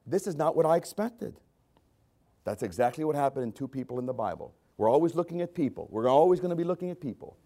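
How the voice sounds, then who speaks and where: A man preaching a sermon as a pastor, swinging between loud, emphatic repetition and quiet, conversational asides. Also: fairly high pitch, sing-song, fast talker. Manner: repeats phrases for emphasis.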